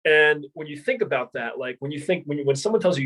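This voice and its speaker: A man's voice: on the high side, fast, few pauses, poor audio. A young man, a martial arts instructor, talking casually in an interview and telling stories with lots of repeats and restarts. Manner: animated storyteller, many repeats and restarts.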